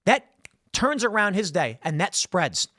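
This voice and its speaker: A man's voice: high voice, very animated, unhurried, sharp tone, no echo, clean studio sound. A man hosting solo political commentary in a conversational storytelling way, acting out quoted people as he goes.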